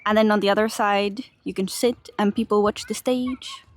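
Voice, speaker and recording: A woman's voice: medium pitch, steady tone, normal speed. A young woman from Finland chatting casually to her livestream audience while walking outdoors through a park, holding a phone camera. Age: young adult. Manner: chatty, laughs easily, talks to chat. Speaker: IRL streamer. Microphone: handheld phone camera.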